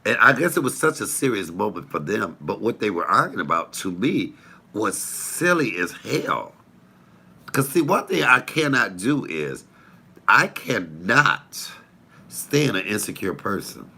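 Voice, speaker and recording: Animated laughing man with gravelly voice. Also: fairly low pitch, unhurried. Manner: animated, laughing, rambling anecdotes. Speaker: live stream host. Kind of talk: casual storytelling on a live stream. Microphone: phone.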